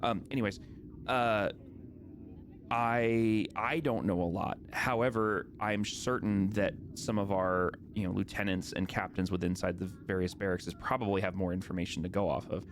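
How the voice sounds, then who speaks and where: A man's voice: lowish voice, steady tone, moderate pace, background noise, natural voice. A man voicing a rambling female guard sergeant. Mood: uneasy. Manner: rambling, hesitant, many fillers.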